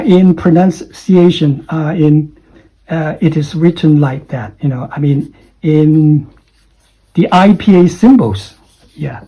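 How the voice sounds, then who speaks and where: A man's voice: fairly high pitch, mellow, breathy edge, poor audio. A man teaching English pronunciation, explaining and repeating example phrases with many fillers. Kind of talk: online English pronunciation lesson.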